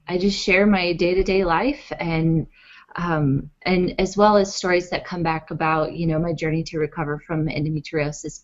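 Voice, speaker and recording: On dull lo-fi audio, a woman guest tells a personal story during an interview, chatty and animated. She's an author and blogger with a lowish voice, and she uses lots of fillers and acts out the quotes.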